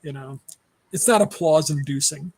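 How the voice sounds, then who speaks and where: A man's voice: a little high, normal speed, vocal fry, darkish tone, no room sound. A man co-hosting a casual movie podcast, blunt and opinionated and laughing often. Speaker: podcast co-host.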